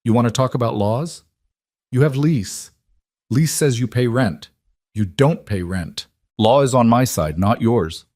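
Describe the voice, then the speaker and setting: A man's voice: mid-range voice, measured pace, a little mellow, dry recording, studio quality, close to an everyday voice. A man voicing a cold, callous landlord with a foreign accent who speaks in blunt, clipped broken English.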